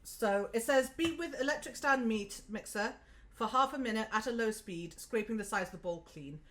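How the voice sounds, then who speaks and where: A woman's voice: a little high, expressive, moderate pace, a bit bright. A woman hosting a live cooking stream from her home kitchen, chatting casually and giggling as she talks through each step.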